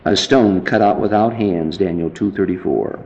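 A man's voice: moderate pace, a little mellow, dull audio. A man preaching a sermon, citing scripture references and building to emphatic, fervent passages. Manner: emphatic, rising to fervent high-pitched preaching; lists scripture references as he teaches.

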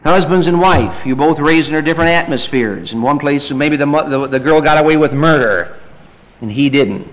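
A male preacher with a fairly high voice delivers a lively sermon. He shifts between loud, punchy bursts and hushed, low asides, and slips into quoted voices to act out family scenes. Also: moderate pace, rough recording.

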